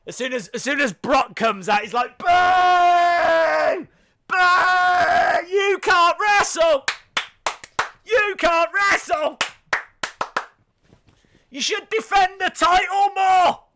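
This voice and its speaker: A young British man chatting away on a live watch-along, excitable and chatty. His voice sits high and bright, and he bursts into shouts when something grabs him. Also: clear, resonant tone. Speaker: streamer.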